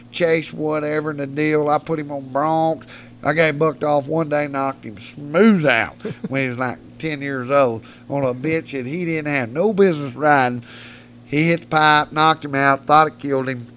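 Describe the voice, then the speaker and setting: A man's voice: on the high side, a bit bright, slight background noise. A man, a podcast guest telling rowdy, profane stories and laughing as he goes. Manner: profane, laughs mid-story. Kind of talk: rowdy storytelling.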